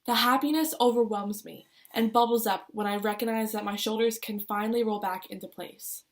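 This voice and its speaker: A woman's voice: on the high side, steady tone, fairly quick. A young woman reading her own personal essay aloud, putting feeling into her quoted lines. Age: young adult. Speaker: student reader.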